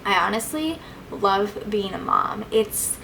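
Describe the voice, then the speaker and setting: A woman's voice: mid-range voice, expressive, takes it slowly, gravelly, a bit bright, slight background noise, rough recording. A young woman answering viewer questions in a casual vlog, chatty and gushing, with plenty of "like"s and fillers. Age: young adult. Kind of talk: casual Q&A chat.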